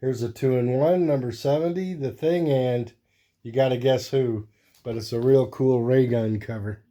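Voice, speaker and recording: Warm-toned and medium in pitch, the host of this video takes a measured pace while chatting about his comics, holding them up one at a time. It's a relaxed, rambling show-and-tell where he thinks out loud as he flips pages.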